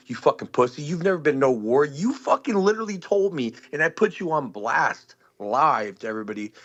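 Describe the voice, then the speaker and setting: Male guest, mid-pitched, furious profane rant, muffled lo-fi sound. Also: no echo. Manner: furious, threatening, swearing constantly. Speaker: guest on a live stream.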